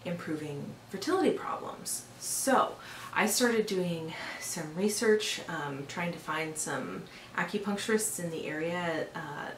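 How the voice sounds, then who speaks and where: Chatty woman telling a personal story. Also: lowish voice. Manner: chatty, lots of fillers, exasperated when retelling. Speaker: vlogger. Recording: echoey room, a bit far from the mic, faint hiss.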